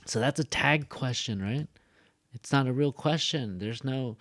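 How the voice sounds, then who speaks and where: Guy teaching english pronunciation, laid back, keeps saying example lines out loud and joking. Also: medium pitch, expressive, a little slow, gravelly, no room sound. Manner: demonstrates sentences aloud and jokes around. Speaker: ESL teacher. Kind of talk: casual classroom explanation.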